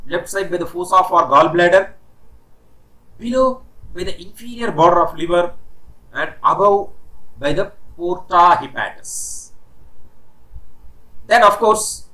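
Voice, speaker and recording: A man's voice: high voice, sharp tone, low-quality recording. A man lecturing on anatomy in a recorded class. He explains step by step, repeats key terms and often stops to say "okay".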